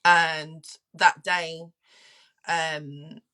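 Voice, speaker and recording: A woman's voice: deep voice, little pitch movement, extremely slow, sharp tone, smooth, rough recording. A woman in her twenties frankly sharing her personal struggles as a guest, often repeating phrases for emphasis. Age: 20s. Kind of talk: candid personal testimony.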